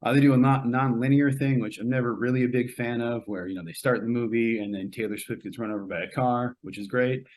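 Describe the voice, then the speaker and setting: A man's voice: mid-range voice, steady tone, quick pace, few pauses, darkish tone. Man rambling through a casual film review. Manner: rambling, frequent fillers and restarts. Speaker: podcast host reviewing a film.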